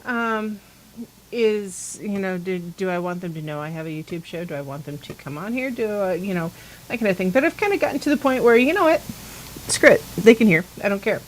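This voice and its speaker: A woman's voice: medium pitch, fairly quick, slight background noise, rough recording. Rambling woman host telling a story. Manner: rambling, animated, acts out quoted dialogue. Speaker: host of a pagan talk show. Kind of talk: casual storytelling chat.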